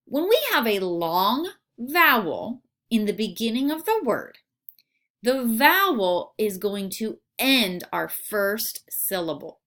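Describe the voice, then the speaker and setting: Bright, lively voice of a patient woman teacher. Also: mid-range voice. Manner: patient, sounds out words slowly, asks questions aloud. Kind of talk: recorded phonics lesson for children.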